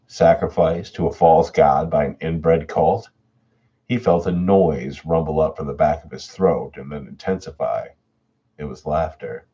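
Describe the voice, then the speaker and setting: A man reads horror stories aloud on a livestream, chatting casually with viewers between readings. His voice is extremely deep and husky. The recording sounds dull and lo-fi. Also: measured pace. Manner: relaxed and chatty, reads chat messages aloud. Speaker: horror story narrator and livestream host. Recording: dull lo-fi home audio.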